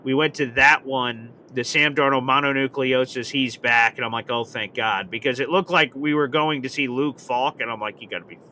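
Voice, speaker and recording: A man hosting a live sports reaction show, telling fan stories with bursts of excited swearing. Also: mid-range voice, normal speed, few pauses, slight background noise. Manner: excitable storyteller, acts out shouting and swearing. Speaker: host.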